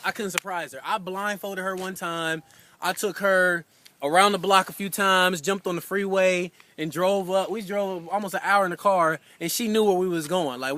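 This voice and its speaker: A young man giving a heartfelt anniversary message to his wife, telling a story casually with lots of fillers and animated retellings. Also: fairly high pitch, a little hiss or hum.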